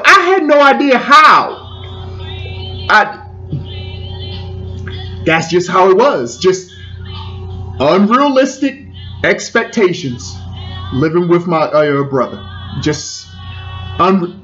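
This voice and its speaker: With a high, pushed, bright voice, a man in his forties from the Washington DC area relates a personal story, stumbling over restarts and repeating phrases. Faint music plays in a dull, lo-fi recording.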